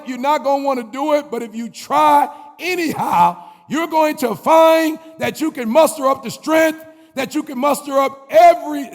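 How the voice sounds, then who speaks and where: Man, motivational commencement speaker, very high voice, chanting, shouting, long reverb. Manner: rousing, chanting call-and-response with train sounds. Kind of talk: motivational speech.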